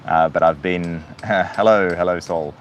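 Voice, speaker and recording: A low-voiced man with a light New Zealand accent talks casually to his livestream viewers. He speaks reflectively, with plenty of fillers and restarts, and faint noise hums behind him. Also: measured pace. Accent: New Zealand, softened. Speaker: livestream host.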